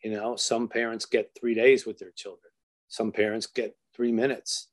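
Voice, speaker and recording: This older author's delivery is flat and his voice lowish as he relates a personal story, earnest and halting, full of restarts and soft, fading phrases.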